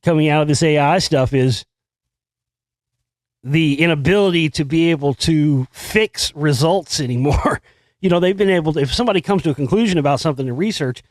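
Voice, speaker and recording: A man hosting a talk show in a slightly high voice, recorded dry and close. He rambles through news stories with sarcastic, profane asides. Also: a little fast, dry recording. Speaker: host. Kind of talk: casual monologue commenting on news.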